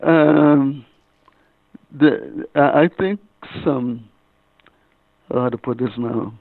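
An older man, a reverend and author being interviewed, who talks haltingly and often repeats his words. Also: medium pitch, vocal fry, no room sound. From Bahamas. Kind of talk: casual interview storytelling. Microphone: phone. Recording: tinny phone line.

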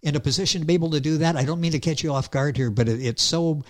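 A man's voice: on the high side, quick pace. A man hosting an interview, speaking enthusiastically with hesitant restarts. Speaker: host.

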